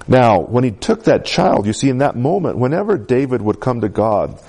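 Warm and mellow, a male preacher's voice swings widely in pitch as he gives a conversational sermon at a moderate pace. He is very animated and often invites the congregation to respond.

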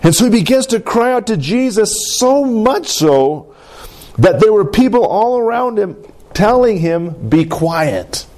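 A man preaching a sermon, animated and acting out the quoted cries with big swings in his voice. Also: high voice, a little slow. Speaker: pastor.

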